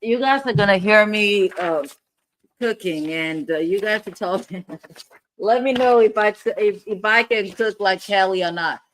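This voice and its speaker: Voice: mid-range voice, a little slow, fairly bright tone, slight background noise. A livestream host giving casual, rambling reaction commentary and chatting directly with viewers.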